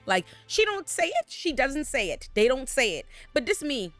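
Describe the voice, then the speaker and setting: A man's voice: normal speed, faint music behind. A fired-up man ranting about a TV episode. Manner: animated, profane, exasperated ranting with big pitch swings. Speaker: TV recap host. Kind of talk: casual TV episode breakdown. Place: hotel room.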